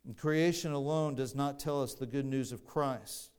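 A man preaching a sermon, explaining scripture in a measured way with frequent restarts. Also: medium pitch, a little mellow, clear, resonant tone.

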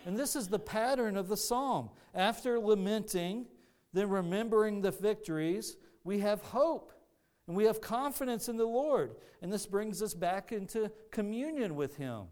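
A man's voice: high-pitched, animated, moderate pace, darkish tone. A man preaching a sermon, earnest and teaching, often restarting his phrases. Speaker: pastor.

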